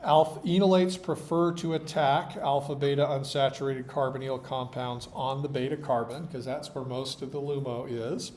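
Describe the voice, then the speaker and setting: A man's voice: medium pitch, little pitch movement, moderate pace, hardly any pauses, a little mellow, slight background noise. A man lecturing a university chemistry class, explaining with dry jokes, his voice tired. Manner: explanatory, dryly joking. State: tired voice, occasional coughing.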